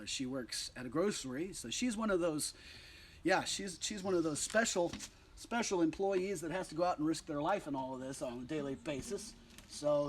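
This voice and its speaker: A man's voice: fairly high pitch, slight background noise. A man performing a livestream concert, singing and chatting playfully, laughing easily, with rambling asides. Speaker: singer-songwriter. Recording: loud acoustic guitar behind voice.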